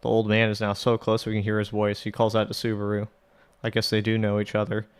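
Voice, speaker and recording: A man's voice: lowish voice, monotone, fast, clear, resonant tone. A man casually reading and translating a visual novel aloud, with swearing asides. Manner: casual, swearing asides between read lines. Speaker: let's play narrator.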